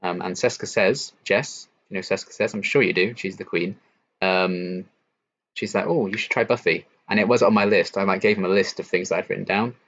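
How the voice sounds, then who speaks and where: A young man from England hosts a relaxed late-night stream Q&A, reading chat messages and answering them. His voice sits deep and low, and his chatty delivery is full of ums and likes. The audio is a little dull, like a lo-fi home stream. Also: brisk. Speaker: YouTube reaction channel host.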